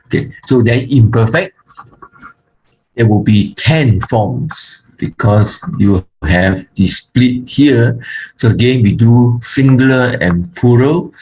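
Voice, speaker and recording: A man teaching a grammar lesson, speaking haltingly with frequent fillers and restarts, and slowly reciting word forms one by one. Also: on the low side, a little mellow, low-quality recording. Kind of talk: online Hebrew grammar lesson.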